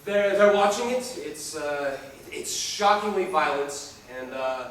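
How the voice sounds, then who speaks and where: Rambling high-voiced man, echoey room. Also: expressive, fairly bright tone, far from the mic, slight background noise. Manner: rambling, halting, laughs often. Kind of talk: casual chat.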